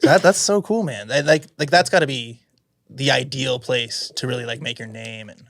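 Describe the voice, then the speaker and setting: A man's voice: medium pitch, moderate pace, gravelly, a bit bright. A man hosting a podcast in a studio, asking eager, rambling questions with many restarts. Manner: eager, hesitant, lots of restarts and fillers. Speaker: podcast host. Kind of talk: casual interview.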